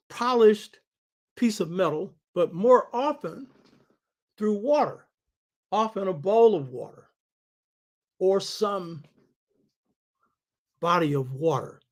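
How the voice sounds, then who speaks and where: A man hosting a show, giving an emphatic lecturing monologue and throwing rhetorical questions at his listeners. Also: high voice. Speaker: host.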